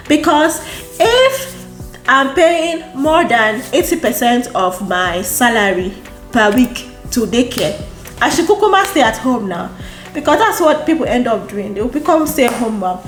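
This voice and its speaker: Expressive Nigerian woman vlogging in a roomy space. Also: high voice, a little slow. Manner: expressive, exclamatory, repeats phrases for emphasis. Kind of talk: casual chat to camera. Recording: roomy echo with faint background music.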